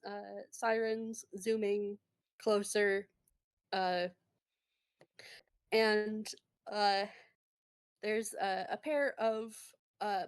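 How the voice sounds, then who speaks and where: A woman narrating as game master of a tabletop game, hesitant and full of fillers. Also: medium pitch.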